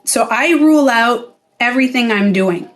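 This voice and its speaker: A woman's voice: fairly high pitch, expressive, moderate pace, faint music behind. A middle-aged woman, a former spa owner, talking straight to camera in a casual vlog. She is blunt, swears freely and acts out the voices she quotes.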